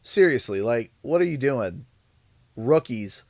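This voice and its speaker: A man's voice: medium pitch, measured pace, no echo, studio quality. A man, chatting on a livestream and telling rambling stories with a laugh at his own jokes. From Canada. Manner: animated, rambling storyteller. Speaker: streamer. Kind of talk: casual livestream chat.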